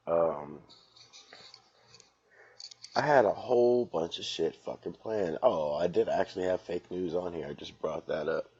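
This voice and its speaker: A freshly woken man rambles through a solo comedy podcast, sarcastic and full of swearing. His voice is very deep and husky, jumping from loud outbursts to mumbled asides. The recording from his home sounds dull and lo-fi. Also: normal speed, few pauses. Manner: profane, sarcastic, drifting between loud bursts and mumbling. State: just woke up, yawning.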